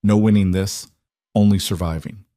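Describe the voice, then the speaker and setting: A man narrating a dark crime story in a steady, grave, scripted manner. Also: lowish voice, moderate pace, no room sound, clean studio sound.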